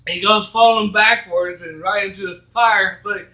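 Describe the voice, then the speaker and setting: High-voiced rambling man reviewing a game. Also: echoey room, rough recording. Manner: rambling, halting with many fillers and restarts; excitable, laughs while retelling scenes.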